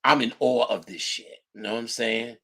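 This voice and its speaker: A man's voice: mid-range voice, moderate pace, sharp tone. A man lecturing in casual storytelling mode, using profane street slang and acting out the voices of people in his story.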